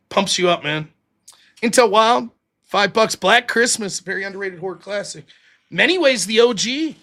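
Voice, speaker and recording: A man with a Pittsburgh accent, hosting a live stream and rambling casually with swearing. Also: high voice. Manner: rambling, profane, lively. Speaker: livestream host.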